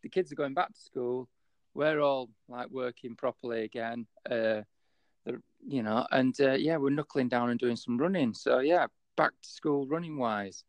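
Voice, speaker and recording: A man's voice: medium pitch, moderate pace, no room sound. Man with a Yorkshire accent, rambling podcast co-host, lots of ums, dry close recording. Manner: rambling, hesitant, many fillers. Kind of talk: casual podcast chat.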